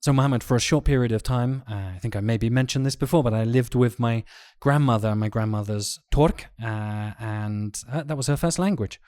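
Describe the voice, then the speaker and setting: A man's voice: mid-range voice, brisk, few pauses, darkish tone, dry recording, studio quality. A man co-hosting a podcast, chatting playfully and mimicking how people pronounce sounds. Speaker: podcast co-host. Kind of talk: casual chat.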